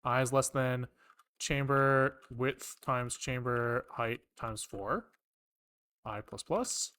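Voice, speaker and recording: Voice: medium pitch, slow, a bit bright, clean tone. A programmer on a live coding stream, thinking aloud while typing and often swearing in frustration at the code.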